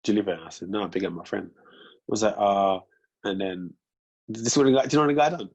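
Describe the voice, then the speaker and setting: A man's voice: lowish voice, fast, breathy edge, dull audio. A young man hosting a casual chat, telling stories and acting out both sides of conversations. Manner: animated storytelling, acts out police exchanges. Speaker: podcast host.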